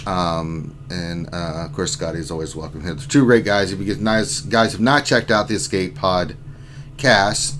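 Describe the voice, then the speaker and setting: A man's voice: lowish voice, slight background noise. Chatty man hosting a gaming stream. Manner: rambling, jokey, reads chat aloud. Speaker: streaming host. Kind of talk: casual livestream chat.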